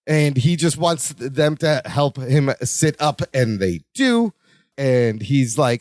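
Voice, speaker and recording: A man's voice: fairly high pitch, expressive, measured pace, dry recording, clean studio sound. A man co-hosting a podcast, retelling a sitcom episode in casual chat and acting out the characters' lines. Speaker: podcast co-host.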